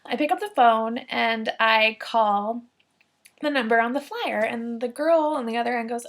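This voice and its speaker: A young adult woman telling a personal story, lively and full of "like" fillers, acting out the people she quotes. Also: a little high, normal speed. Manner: animated, many "like" fillers, acts out quoted voices. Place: Columbus, Ohio area.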